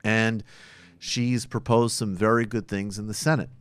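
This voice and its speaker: A man's voice: lowish voice, flat delivery, a little slow, smooth. A man hosting a podcast, giving blunt, opinionated political commentary that is profane at times. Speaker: podcast host.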